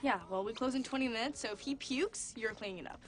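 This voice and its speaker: A young actress playing a sarcastic teenage girl working a shop counter, with a deadpan manner and faint music behind. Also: a little high, fast, natural voice. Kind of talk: film dialogue.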